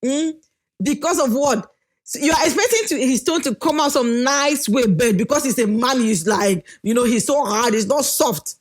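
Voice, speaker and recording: A woman with a naturally loud voice, giving casual marriage advice to the camera, animated, laughing often and slowly drawing out her key points. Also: high voice. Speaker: wife giving marriage advice, channel co-host.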